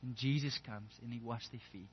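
A man's voice: medium pitch, steady tone, a little fast, slight background noise. A man preaching a sermon in an earnest way, often restarting and repeating words as he builds a point. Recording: echoey hall, dull lo-fi sound.

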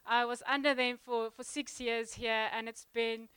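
A young woman giving a sermon in a church, chatty and halting, full of ums and restarts. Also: on the high side, little pitch movement, a bit bright, clear, resonant tone, no room sound. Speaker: guest preacher. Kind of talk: sermon opening, casual warm address.

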